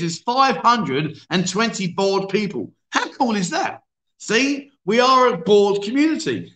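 A man's voice: sits high, a bit bright. A man hosting a casual livestream chat show, reading out viewer comments in a chatty, self-deprecating way. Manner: chatty, self-deprecating, frequent restarts and "mate". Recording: echoey room.

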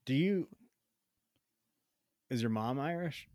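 A man's voice: medium pitch, expressive, takes it slowly, darkish tone, dry recording, clean studio sound. A man co-hosting a live stream, chatting casually and asking his friends rambling, curious questions. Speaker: stream co-host. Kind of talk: casual chat.

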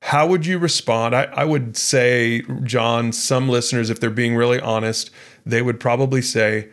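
A man's voice: medium pitch, fairly even intonation, moderate pace. A man co-hosting a Bible study podcast, talking earnestly and conversationally with frequent restarts. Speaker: podcast co-host. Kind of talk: casual Bible study discussion.

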